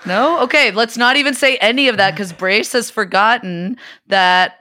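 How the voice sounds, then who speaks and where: A woman's voice: on the high side, moderate pace, pushed and bright, no room sound, clean studio sound. A woman co-hosting a podcast, playful and teasing in loose banter. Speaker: podcast co-host. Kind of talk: casual chat.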